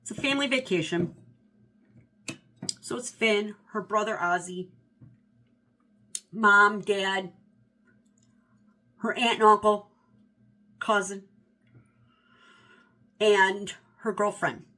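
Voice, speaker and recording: A woman in her fifties chatting casually about her favorite books, rambling and animated, correcting herself as she goes. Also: medium pitch, slow pace, pauses often. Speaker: book vlogger. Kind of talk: casual book review chat.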